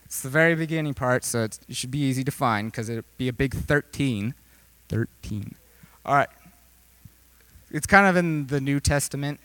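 A man's voice: mid-range voice, normal speed, a bit bright, no room sound. A young man preaching a casual, joking sermon, rambling with lots of fillers. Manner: rambling, filler-heavy, jokey. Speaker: youth preacher.

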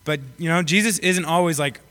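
A young man preaches in a loose, joking way, rambling and full of fillers as he talks to the room. His voice is bright and slightly higher than most men's. It rings out with the long reverb of a hall. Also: a little fast. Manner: rambling and jokey with many fillers. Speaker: pastor. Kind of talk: casual, joking sermon.

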